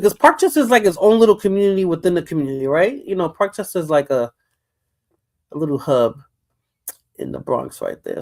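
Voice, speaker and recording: A woman's voice: on the low side, darkish tone. Chatty New York woman hosting. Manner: rambling, repeats words, laughs often. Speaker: livestream host. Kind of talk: casual chat.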